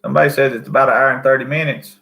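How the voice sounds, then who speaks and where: A man's voice: medium pitch, steady tone, racing, creaky, bright, forceful tone. A man with a Southern accent co-hosting a live stream, reading out chat comments in a folksy, easygoing way. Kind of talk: casual chat.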